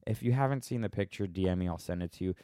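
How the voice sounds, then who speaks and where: A somewhat low-pitched American man talks casually on his own podcast, wandering from thought to thought and often cutting himself off mid-sentence. His tone is wry and offhand. The sound is close and dry, with no room around it. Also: rapid-fire, mellow, clean tone, no echo. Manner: rambling, self-interrupting, wry. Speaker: podcast host answering questions. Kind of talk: casual solo podcast chat.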